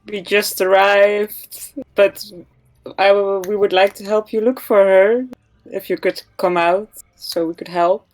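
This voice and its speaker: A woman player speaking in character as a paladin in a tabletop game, earnest and quick to laugh. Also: medium pitch, steady tone, darkish tone.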